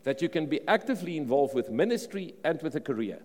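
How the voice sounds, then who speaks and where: South African male preacher, fairly high voice, lively swooping delivery, sermon in a big echoing hall. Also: fast talker. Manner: animated preaching, repeats words and restarts phrases. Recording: long reverb of a large hall.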